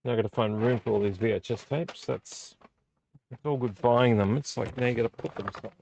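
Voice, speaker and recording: A man's voice: medium pitch, a little fast, gravelly, darkish tone, slight background noise. A man hosting a casual late-night live vlog, rambling about his tape collection with many fillers. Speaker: vlog host. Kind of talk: casual live chat unboxing VHS tapes. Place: small home room.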